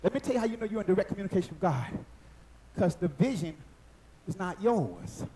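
Very high-voiced animated male preacher. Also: brisk, rough recording. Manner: animated, call-and-response with the congregation; breaks into shouting at high points. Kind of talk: sermon. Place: church service.

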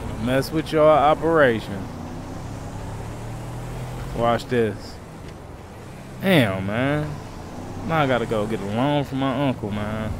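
A man streaming a crime roleplay game, talking in character to his viewers in heavy slang and frequent swearing, swinging between low grumbles and loud outbursts. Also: takes it slowly, long pauses, background noise. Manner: slangy, swears a lot, keeps calling out to viewers.

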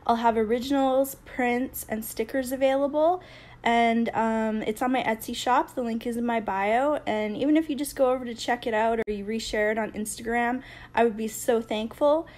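A woman artist chatting casually in a home vlog, excitable and full of fillers, recorded on a phone in an apartment. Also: fairly high pitch, moderate pace, poor audio. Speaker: artist vlogger.

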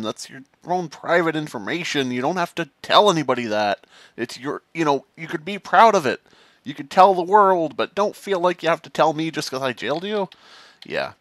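A man doing casual let's-play commentary in an animated, jokey way, thinking aloud as he plays. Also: mid-range voice, dry recording. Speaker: gaming commentator.

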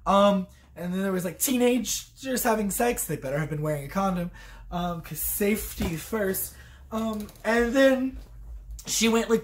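A woman's voice: mid-range voice, moderate pace. A tipsy woman vlogger giving a rambling comic review, swearing freely and acting out quotes along the way.

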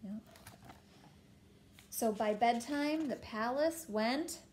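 Slow, gentle woman reading a picture book. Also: fairly high pitch, a little hiss or hum. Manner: gentle, stops to chat and ask the child questions. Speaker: reader of a children's picture book.

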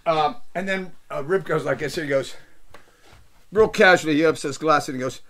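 A man's voice: on the high side, moderate pace, a bit bright. An older man hosting a show, telling salty, rambling anecdotes that lose the thread. He laughs at his own stories. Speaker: show host and musician. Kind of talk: rambling storytelling chat.

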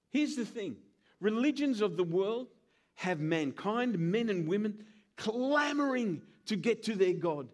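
A male pastor preaching a sermon, acting out little scenes with voices. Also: high-pitched. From Australia. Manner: animated, acts out scenes with put-on voices.

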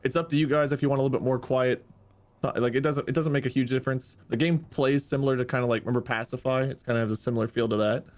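A man's voice: mid-range voice, steady tone, rapid-fire, darkish tone. A man co-hosting a casual gaming podcast, explaining things in a hesitant, rambling way with lots of fillers. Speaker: podcast co-host.

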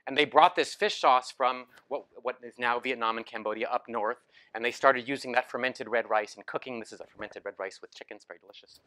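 A man's voice: medium pitch, fairly quick, hardly any pauses, bright, forceful tone. A man giving a lecture with slides, telling it as a story in a casual way, with many ums and restarts. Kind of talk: academic talk with slides. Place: lecture hall.

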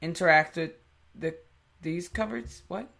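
A YouTuber narrating a horror game from their own room, in a slow, mumbling play-by-play. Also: medium pitch, gravelly. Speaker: gaming YouTuber. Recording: loud background noise.

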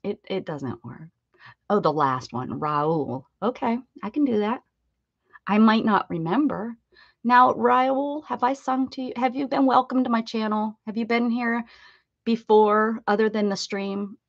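A woman's voice: on the high side, unhurried, dry recording, dull audio. Chatty woman hosting an art stream. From United States. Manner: chatty and playful, laughs often, sings short welcome jingles. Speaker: art livestream host. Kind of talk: casual chat greeting viewers.

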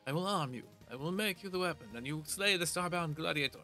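A man's voice: fairly high pitch, fast, sharp tone, faint music behind. A man voicing a flowery, boastful male weaponsmith in a game, speaking in a formal, theatrical way. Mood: grandiose. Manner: theatrical, formal old-fashioned speech.

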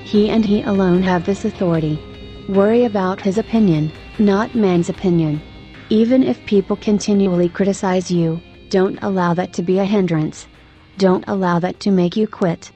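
Earnest mellow-voiced woman preaching. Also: mid-range voice, moderate pace, highs cut off, soft background music. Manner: earnest exhortation. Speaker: testimony narrator. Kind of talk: scripted testimony narration.

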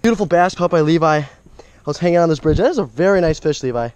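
Excitable young guy fishing outdoors. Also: a little high, fast, clean tone, rough recording. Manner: excitable, exclaiming over each catch. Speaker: fishing vlogger. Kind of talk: casual outdoor commentary. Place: outdoors at a creek by a bridge. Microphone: action camera.

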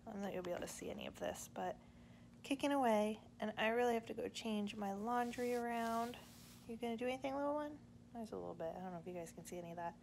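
A woman's voice: medium pitch, fast, creaky, darkish tone, a little hiss or hum. A young adult woman chatting casually at home about her plans, rambling with lots of fillers. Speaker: family vlogger and mother. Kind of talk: casual chat to camera. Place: living room sofa at home.

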